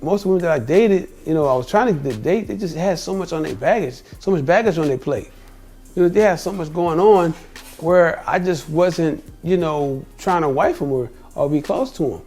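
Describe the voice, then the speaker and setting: Middle-aged man, casual vlog storyteller, repeats himself, slightly high-pitched. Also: expressive, moderate pace, a little mellow, soft background music. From United States. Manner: rambling, repeats himself, quotes people in dialogue. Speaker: vlogger.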